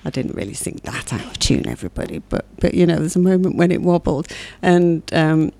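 A woman's voice: low-pitched, very animated, brisk, gravelly, dark tone. A woman presenting a radio show from England, chatting in a rambling way and laughing easily. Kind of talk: casual chat.

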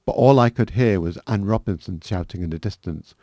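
A man's voice: on the low side, brisk, dark tone, no echo. A man reading a personal memoir aloud as a guest, with dry, self-mocking humour. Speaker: guest author reading his work.

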